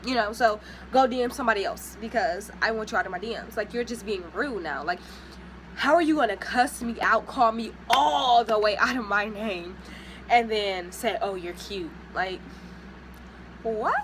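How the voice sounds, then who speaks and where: A young woman tells a casual vlog story in a slightly high voice. She is sassy and animated and acts out what other people said. A faint ambient noise sits under her voice. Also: moderate pace. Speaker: vlogger.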